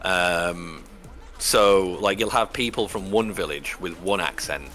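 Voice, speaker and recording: A man streams and chats casually, rambling with lots of fillers and the odd swear word. His voice is low-pitched and sharp in tone, and he speaks slowly.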